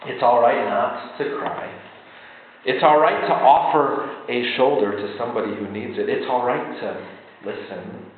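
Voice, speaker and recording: A man preaching a sermon as pastor, in a gentle, repetitive cadence that grows quiet in prayer. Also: mid-range voice, moderate pace, a little hiss or hum. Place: church sanctuary. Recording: echoey sanctuary on a tinny line.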